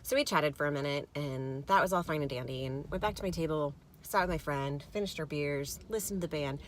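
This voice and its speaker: Low gravelly woman telling a story. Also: brisk. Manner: animated, mimics others in quotes. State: gravelly from little sleep. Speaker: vlogger. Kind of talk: casual storytelling to camera.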